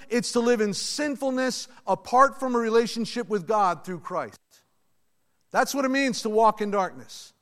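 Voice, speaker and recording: A man preaching a sermon to his church, in a lively, conversational way with asides to the congregation. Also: very high voice. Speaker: pastor. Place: church sanctuary. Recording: long reverb of a large hall.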